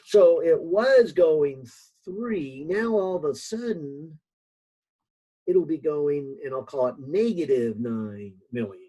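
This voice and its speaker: A man's voice: fairly high pitch, lively intonation, takes it slowly, mellow, poor audio. A man teaching a physics help session over a video call, thinking aloud with lots of fillers and a few light jokes. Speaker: physics instructor. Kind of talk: online class help session.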